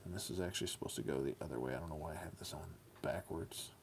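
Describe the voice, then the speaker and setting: A man's voice: very deep voice, fast talker, slight background noise. A man casually reviewing action figures as he builds them, chatty and goofy, slipping into silly rhymes.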